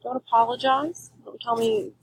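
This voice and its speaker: A woman teaching a class, giving clear, emphatic instructions in a recorded lecture. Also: on the high side, steady tone, moderate pace, slight background noise, rough recording.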